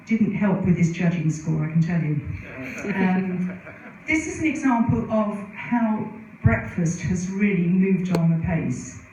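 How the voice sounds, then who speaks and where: At a conference, a middle-aged woman speaks in an animated, warm, mid-range voice at normal speed, telling anecdotes and making frequent chatty asides. The recording, taken from a distance in a very echoey hall, carries a little hiss or hum.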